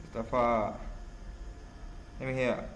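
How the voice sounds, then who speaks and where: A Ugandan-accented man chats his way through a live stream at a medium pitch, wandering and restarting his sentences. His talk is loose and full of fillers, with a faint hiss of noise behind him. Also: flat delivery. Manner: rambling, halting, full of fillers. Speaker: live-stream host reading chat. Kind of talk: casual live-stream chat.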